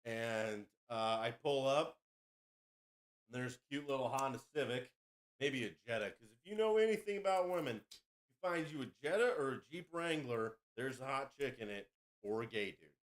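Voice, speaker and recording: Male podcast host, boastful and crude, lively pitch swings. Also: normal speed. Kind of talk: casual storytelling.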